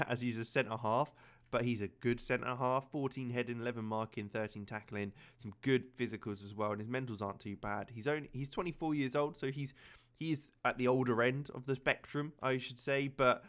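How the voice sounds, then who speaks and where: A man casually commentating his own football management game, chatty and prone to fillers, getting excited at key moments. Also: mid-range voice, moderate pace. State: slightly out of breath. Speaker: gaming channel host.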